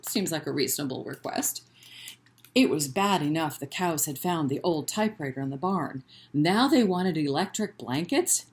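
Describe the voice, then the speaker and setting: A woman leading a children's library storytime, reading a picture book aloud in an animated way and inviting the children to chant along. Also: low-pitched, normal speed. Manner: gentle and encouraging with children.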